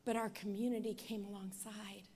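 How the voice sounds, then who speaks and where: A woman in her forties giving an earnest personal testimony speech on an auditorium stage, building to forceful appeals. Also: mid-range voice, little pitch movement, normal speed, husky. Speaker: speaker at an event.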